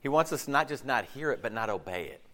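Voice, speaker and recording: A male pastor giving a casual sermon, his voice hoarse and deeper than usual from a lost voice, rambling with many fillers and restarts before a congregation. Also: lively intonation, quick pace, bright, forceful tone. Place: church service before a congregation.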